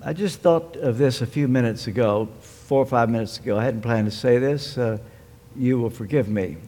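A man's voice: medium pitch, dark tone. A preaching man in a reverberant hall. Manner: measured, emphatic preaching with rhetorical questions. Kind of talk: sermon.

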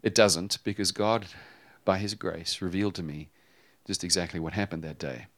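Telling a personal story at a normal speed, a low-voiced male pastor delivers a sermon. His delivery is animated, moving from loud, emphatic moments to quiet, hushed ones.

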